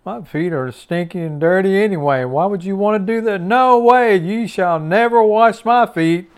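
Man putting on an impulsive disciple, adamant, emphatic, higher-pitched, smooth tone. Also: normal speed. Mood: protesting. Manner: emphatic, protesting, raised pitch.

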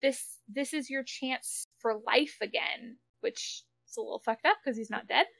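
Bright, gravelly young-sounding woman recapping. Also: fairly high pitch, no echo. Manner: animated, swears casually, quick asides and laughs. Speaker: podcast co-host. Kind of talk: casual recap chat.

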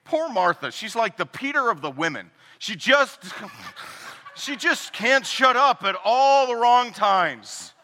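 A man preaching a sermon as pastor, animated and joking, acting out the people he quotes. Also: very high-pitched, takes it slowly. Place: church sanctuary. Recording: long hall reverb.

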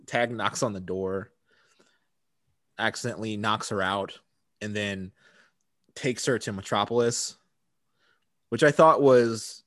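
A man's voice: fairly low pitch, no echo, studio quality. A man co-hosting a podcast, casually retelling a TV episode and laughing often as he talks. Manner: laughs often, relaxed storytelling. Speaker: podcast co-host. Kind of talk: casual chat recapping a TV episode.

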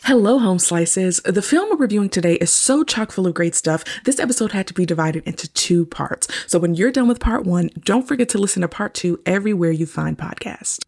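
A woman's voice: mid-range voice, animated, brisk, vocal fry, few pauses, darkish tone. A woman hosting a film review podcast, peppy and enthusiastic with casual slang. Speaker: podcast host. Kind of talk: upbeat podcast intro and chat.

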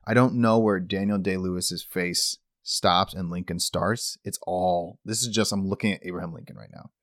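A man's voice: sits low, normal speed, a bit bright, dry recording, clean studio sound. A young man co-hosting a podcast, chatting casually and rambling in a jokey way about a movie. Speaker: podcast co-host. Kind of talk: casual chat, movie review.

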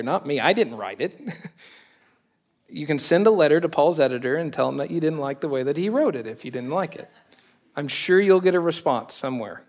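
Joking, lively Texan pastor. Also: male voice, fairly high pitch. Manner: conversational, joking, laughs often, animated emphasis. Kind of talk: sermon.

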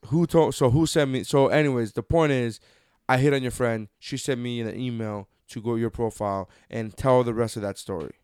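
A man's voice: medium pitch, brisk, a little mellow, clear, resonant tone, no room sound, studio quality. A man in his thirties co-hosting a casual chat with his wife, joking and teasing as he retells a story. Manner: joking, swears freely, teasing. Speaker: podcast co-host.

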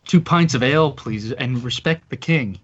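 A man voicing a gruff male half-orc who defends his king. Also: medium pitch, moderate pace, a bit bright. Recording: dull lo-fi mic.

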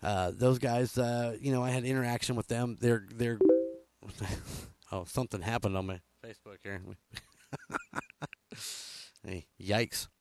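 A man's voice: mid-range voice, steady tone, unhurried, pauses often, darkish tone. A man hosting a casual radio show from a studio, rambling with lots of fillers and chuckles. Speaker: radio host.

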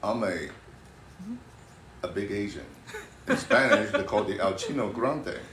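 A man's voice: lowish voice, huge pitch swings, unhurried, gravelly, fairly bright tone, a little hiss or hum. A man playing along in a trivia game, hesitant and full of jokes. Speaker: game contestant. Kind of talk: playful trivia game chat. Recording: echoey room.

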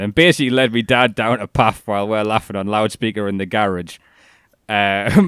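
A man's voice: mid-range voice, a bit bright, no echo, studio quality. Laughing, rambling man. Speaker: podcast co-host. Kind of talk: casual chat.

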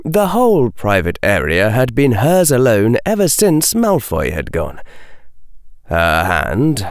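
Slow, expressive male audiobook narrator. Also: fairly low pitch, clear, resonant tone, dry recording, clean studio sound. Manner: expressive storytelling.

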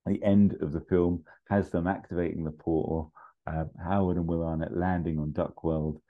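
Low mellow guy rambling through a movie pitch, slips into quick voices, kinda muffled audio. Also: fairly even intonation. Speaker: podcast host pitching a film sequel. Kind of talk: casual storytelling chat.

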